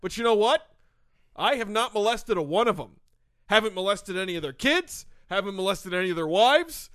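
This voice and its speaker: A man's voice: high-pitched, expressive, moderate pace, fairly bright tone, no room sound, studio quality. A man playing a crass, oblivious young football executive who boasts cheerfully in a comedy podcast sketch. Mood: boastful.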